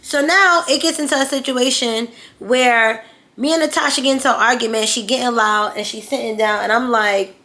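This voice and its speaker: A woman with a fairly high, forceful, bright voice recounts a personal story for her vlog. She talks bluntly and heatedly, swearing freely as she relives it. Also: normal speed. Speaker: vlogger.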